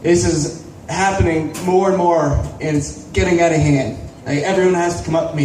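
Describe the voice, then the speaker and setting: Wry high-voiced stand-up comic. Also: male voice, fairly even intonation, moderate pace, darkish tone. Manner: wry, self-deprecating, works the front row. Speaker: stand-up comedian. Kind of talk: stand-up comedy. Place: small comedy club. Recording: echoey club, from far off, faint noise.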